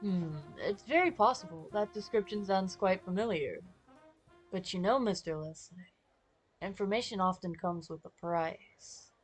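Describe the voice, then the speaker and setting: Suave mafia guy all flattery and charm, woman reading him out in a visual novel, faint music behind. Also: medium pitch, unhurried, slightly rough. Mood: sly. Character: smooth, charming male mafia boss.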